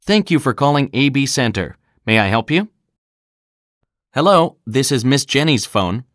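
A man reading example sentences one by one in a clear, deliberate scripted style, recorded in a studio. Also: medium pitch, expressive, fairly bright tone. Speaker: English phrase reader.

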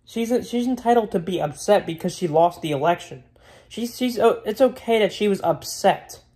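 A man's voice: sits high, lively intonation, normal speed, dark tone, breathy edge. Guy ranting on his vlog, blunt, keeps repeating himself, lots of swearing. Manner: rambling, repetitive, swears freely; blunt and opinionated. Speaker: vlogger. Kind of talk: casual rant to camera.

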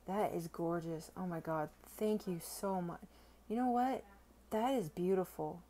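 A young woman vlogging a casual unboxing, gushing and excitable, stammering and swearing when she is overwhelmed. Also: fairly low pitch, measured pace, slight background noise. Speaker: silver-stacking vlogger.

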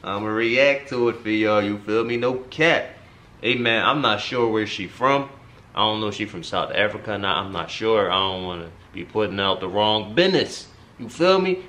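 A man's voice: fairly low pitch, fairly bright tone. A man hosting a music reaction video, talking casually and directly to his viewers in slang, sometimes drifting into earnest advice. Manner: slangy, talks straight to viewers, repeats "you feel me"; earnest advice-giving, preachy streak.

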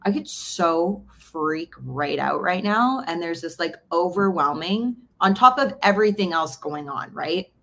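A woman's voice: on the low side, unhurried, vocal fry, few pauses. A woman podcast host from Canada, candidly telling a personal story in a casual interview. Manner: candid, storytelling, animated retelling of dialogue.

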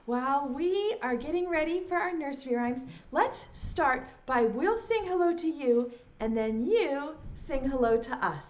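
A woman leads a preschool lesson in a high, lively voice that swoops up and down as she talks to little children. She takes her time, drawing the words out slowly, and the audio is a bit dull and muffled. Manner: slow, sing-song and animated, speaking to small children. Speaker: preschool teacher.

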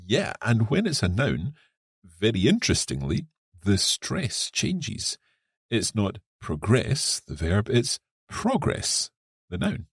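A man co-hosts an English lesson podcast, reading passages aloud and explaining them clearly. His voice is very deep and a little husky, with a lively melody, and the recording is dry. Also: measured pace, dry recording.

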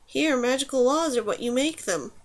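A woman voicing a calm and knowing male duck mole who explains patiently and measures his words. The voice sits fairly high for a male creature. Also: moderate pace. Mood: explaining.

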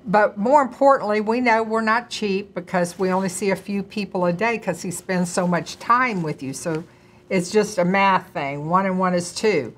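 A middle-aged woman co-hosts a conversational health talk. She explains things earnestly and at length. Her pitch is ordinary for a woman. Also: normal speed. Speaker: co-host, doctor's wife.

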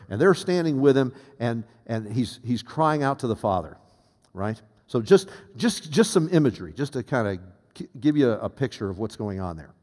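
A man's voice: mid-range voice, darkish tone, long reverb tail. A man preaching a teaching sermon in a conversational way, asking the congregation questions and often restarting his sentences. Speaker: pastor. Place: church sanctuary.

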